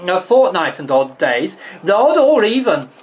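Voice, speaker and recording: A man voicing a garrulous old nurse who rambles and breaks into high cackling laughter. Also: sing-song, a little slow. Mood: giddy rambling.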